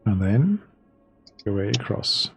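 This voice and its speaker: A man running a tabletop game as game master, narrating the scene slowly with pauses and restarts. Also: on the low side, very animated, creaky. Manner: slow, hesitant storytelling with restarts.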